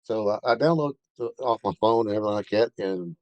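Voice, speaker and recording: A man's voice: lowish voice, fast talker, no echo, muffled recording. A man telling a rambling first-hand story in a casual way, with many fillers and restarts. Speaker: bigfoot researcher telling an encounter.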